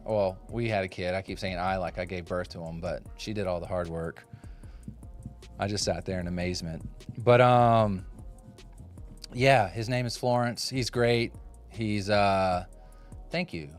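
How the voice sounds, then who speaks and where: Joking man in his forties, low voice. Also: unhurried, long pauses, soft background music. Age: 40s. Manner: joking, rambling, chats with viewers' comments. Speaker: woodcarving livestreamer. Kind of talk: casual chat while carving on a live stream. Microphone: phone propped up.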